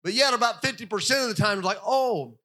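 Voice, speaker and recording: An older man preaching a sermon, animated and storytelling, acting out the voices he quotes. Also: sits high, rapid-fire. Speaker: pastor.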